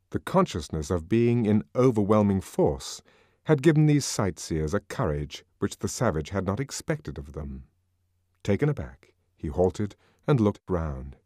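A man narrating an audiobook with a dramatic, expressive reading. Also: low voice, dry recording, clean studio sound.

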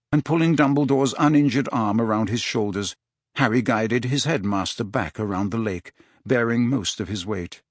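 Here a man narrates an audiobook from a script, his mid-range voice calm and measured as he tells the story. It's recorded with studio quality and no echo.

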